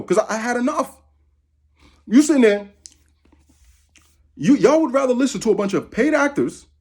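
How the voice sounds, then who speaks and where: Angry husky-voiced man ranting. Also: high voice, a little mellow. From Massachusetts. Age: 30s. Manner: profane, heated, repetitive. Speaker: vlogger. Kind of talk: angry rant to camera.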